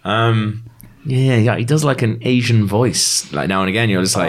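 A man's voice: fairly low pitch, normal speed. A man co-hosting a podcast, chatting casually, swearing freely and acting out anecdotes. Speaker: podcast co-host. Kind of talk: casual chat.

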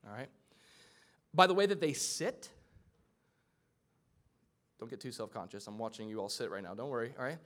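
A man's voice: mid-range voice, very animated, normal speed, pauses often, fairly bright tone. A man preaching a sermon to a live congregation in a church, in a conversational style with joking asides. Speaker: pastor.

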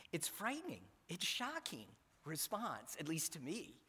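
A man's voice: fairly high pitch, huge pitch swings, slow, pushed and bright, husky. Earnest male preacher in echoing church. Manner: earnest, emphatic, repeats key phrases. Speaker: pastor. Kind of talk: sermon. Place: church sanctuary. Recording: church hall reverb.

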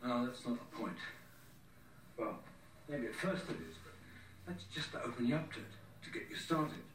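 A man's voice: medium pitch, normal speed, fairly bright tone, a little hiss or hum, lightly acted. An actor playing an earnest male self-help guru who explains patiently in film dialogue. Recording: film audio, roomy and distant.

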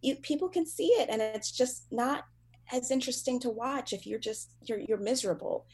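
A woman comedian talking casually in an animated, self-deprecating way, laughing often. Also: fairly high pitch, normal speed, breathy edge. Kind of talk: casual conversation.

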